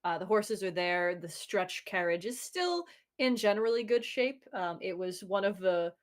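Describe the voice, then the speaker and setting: A woman's voice: mid-range voice, expressive, normal speed. A woman narrating a tabletop game as game master, rambling with fillers and frequent laughter.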